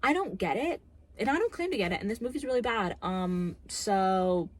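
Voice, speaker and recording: A young woman ranting casually about a movie, sarcastic and expressive, swearing often. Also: medium pitch, normal speed. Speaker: movie reviewer.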